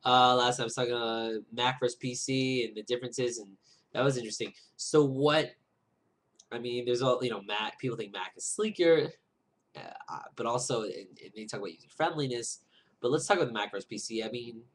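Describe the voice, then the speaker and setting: A man's voice: medium pitch, brisk. Rambling man chatting in a vlog. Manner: rambling, full of fillers and restarts; chatty, talking while eating lunch. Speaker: vlogger. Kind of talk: casual vlog chat.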